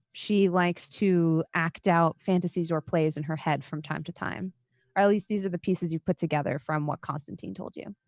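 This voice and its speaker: A woman's voice: fairly low pitch, no room sound. Brief: casual woman game master, descriptive narration, dry mic. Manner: casual, descriptive, many fillers. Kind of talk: narrating a tabletop role-playing game. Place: home, online session.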